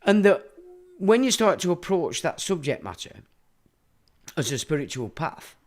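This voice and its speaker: A man's voice: on the high side, sing-song, unhurried. A middle-aged man, hosting a livestream and ranting in a blunt, profane, rambling monologue. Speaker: livestream host.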